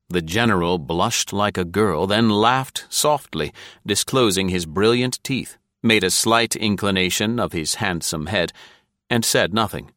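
Low-voiced man narrating a story. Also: no room sound, clean studio sound. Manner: even, deliberate storytelling. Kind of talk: scripted audiobook narration.

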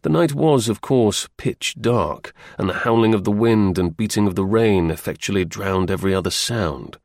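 Gravelly male audiobook narrator. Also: on the low side, normal speed, darkish tone, dry recording, clean studio sound.

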